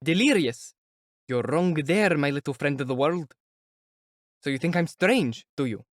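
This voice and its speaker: In an audiobook reading, a man voices a feverish young student who mockingly teases and taunts a clerk, then drops to a whisper. His voice is on the high side, animated and unhurried, recorded dry with studio quality.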